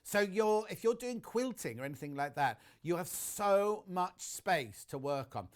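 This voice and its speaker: A man hosts a live shopping demonstration from a TV studio, chatting eagerly to the viewers at home. His voice sits a little high and swoops up and down with lively intonation. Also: unhurried. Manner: chatty, enthusiastic, talks straight to viewers. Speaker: shopping channel presenter.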